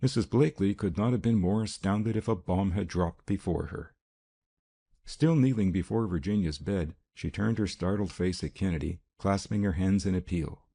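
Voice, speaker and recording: A man narrating a mystery audiobook in a steady, even reading. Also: deep voice, moderate pace, husky. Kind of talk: scripted narration.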